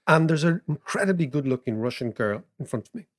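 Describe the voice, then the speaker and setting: A man, co-hosting a podcast in casual chat, telling lively anecdotes and explaining economics. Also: a little high, fast talker. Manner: animated, laughing anecdotes. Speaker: podcast co-host.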